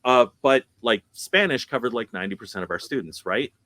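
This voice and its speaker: A man's voice: mid-range voice, lively intonation, a little fast, sharp tone, dry recording. A man who teaches music, chatting casually in a conference session, laughing often and correcting himself as he goes. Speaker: guest speaker, music teacher.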